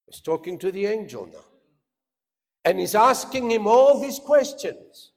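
A man preaching a sermon, swinging from loud, emphatic cries down to quiet asides. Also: high voice, lively intonation, measured pace, creaky. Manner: preaching with dramatic rises into shouts and drops to a hush. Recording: long hall reverb.

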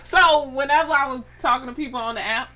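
A woman's voice: high voice, quick pace, heavy background noise. A woman, a podcast guest, in casual chat with blunt, teasing comebacks.

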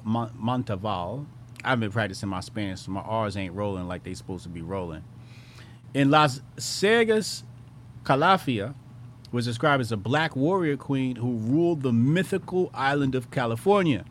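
A man with a mid-range voice giving relaxed, amused commentary on a clip he is watching. He stumbles over names when he reads text aloud. A faint hum of noise sits underneath. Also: medium pitch. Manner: laid-back, amused, stumbles while reading aloud. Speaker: streamer reacting to a clip. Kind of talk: casual commentary.

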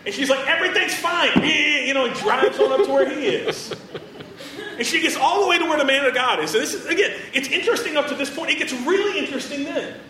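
High-voiced man preaching casually. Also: fast talker, reverberant, distant mic, noisy background. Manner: chatty, joking, many fillers. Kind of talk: casual storytelling sermon.

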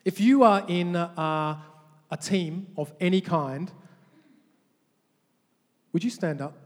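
A male pastor with a fairly high voice preaches to his church, animated and quick to restart his sentences. His words ring out with a long reverb tail in a large church hall. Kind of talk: sermon with call-and-response.

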